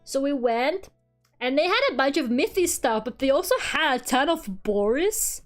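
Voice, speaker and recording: Chatty high-voiced woman streamer. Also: lively intonation, moderate pace, faint music behind. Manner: chatty and rambling, swears freely, laughs often. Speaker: streamer drawing live. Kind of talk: casual chat while drawing.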